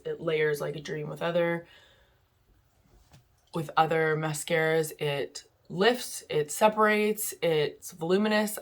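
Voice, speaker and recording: Low-voiced chatty woman reviewing beauty products. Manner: chatty, candid, frequent fillers. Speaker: beauty vlogger. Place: home in Vancouver.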